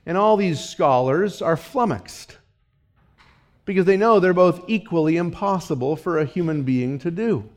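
A male pastor delivers a sermon in a notably high voice. He drives his points home through emphatic repetition and sinks low and soft when quoting. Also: expressive, moderate pace. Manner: preaching with emphatic repetition, dropping low and soft for quoted lines.

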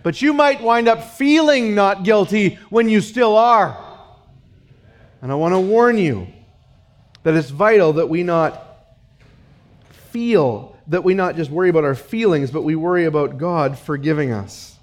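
High-voiced emphatic male preacher. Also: lively intonation, measured pace. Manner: preaching with emphatic repetition, dropping low and soft for quoted lines. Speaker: pastor. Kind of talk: sermon.

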